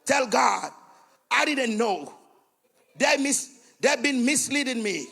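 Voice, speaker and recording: Raspy Haitian pastor shouting a fervent sermon. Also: male voice, very high-pitched, animated, slow. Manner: switches between English, French and Creole, chants repeated phrases. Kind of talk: fervent sermon, leading prayer.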